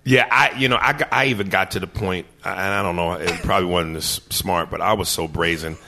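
A man's voice: sits low, fairly even intonation, brisk, sharp tone, a little hiss or hum. A male guest in casual chat, telling profane stories and acting out quotes with animation.

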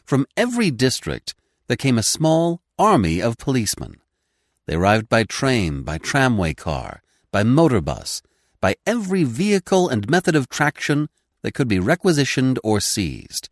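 A man narrating a classic detective story as an audiobook, voicing every character with lively expression. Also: mid-range voice, normal speed, no room sound, studio quality. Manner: reads all characters in one voice, lively and expressive.

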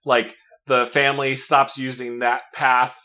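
Bright-voiced man recapping a story. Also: medium pitch, little pitch movement, measured pace. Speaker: podcast co-host. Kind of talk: casual chat recapping a story.

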